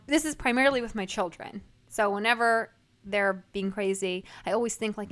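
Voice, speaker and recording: A woman in her thirties hosts her own podcast, talking straight to listeners in a loose, motivational monologue. She is chatty and unfiltered, with frequent swearing and a steady stream of "like" and other fillers. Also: medium pitch. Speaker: podcast host.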